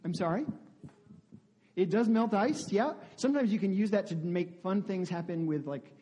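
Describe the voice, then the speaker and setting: High-voiced pastor with a mellow tone. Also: male voice, normal speed. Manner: conversational, asks the congregation questions. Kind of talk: interactive sermon.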